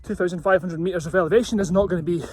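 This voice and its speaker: A man's voice: high voice, steady tone, racing, slight background noise. A man vlogging outdoors as he climbs a steep hill, talking casually and getting out of breath. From Scotland. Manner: chatty, breathy from climbing, marvels at the view. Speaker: running vlogger. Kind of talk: casual vlog while hiking.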